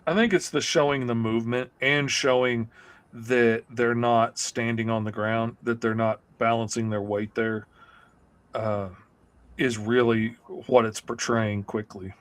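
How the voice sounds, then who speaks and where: A man talking casually on a comics livestream in an ordinary middle-pitched voice. He tells stories of his drawing habits with a joking, self-deprecating edge. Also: steady tone, unhurried. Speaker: comic artist co-host.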